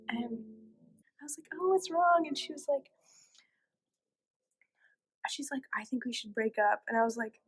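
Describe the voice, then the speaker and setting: A woman's voice: medium pitch, a bit bright, low-quality recording. A teenage girl telling a story in a casual way, with lots of fillers, acting out what people said. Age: teens. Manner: chatty, filler-heavy, acts out quoted lines. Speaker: interviewee.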